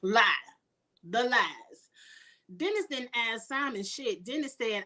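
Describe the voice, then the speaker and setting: A middle-aged woman, talking in a fairly high voice. She rants bluntly through a casual live recap with plenty of swearing and frequent throat clearing. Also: very animated, a little slow, bright, forceful tone. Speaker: reality TV recap host.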